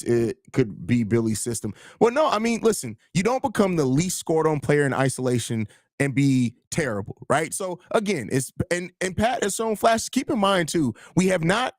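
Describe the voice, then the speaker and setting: A man with a mid-range, slightly mellow voice hosts a live sports stream at a moderate pace with lively intonation. He reads chat comments aloud and answers them, arguing his points and restarting as he goes, all in clean studio sound with no room noise.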